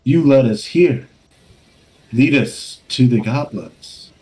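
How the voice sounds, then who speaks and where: Mellow-voiced male player. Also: medium pitch, takes it slowly, rough recording. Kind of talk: casual tabletop play.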